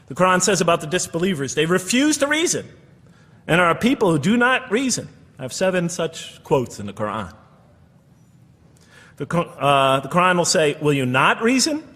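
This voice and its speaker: A middle-aged man speaks to a live audience in an earnest lecturing manner, quoting and counting references as he goes. His voice sits a little high and sounds husky. The sound carries a long reverb from the hall. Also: a bit bright. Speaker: speaker giving a public talk.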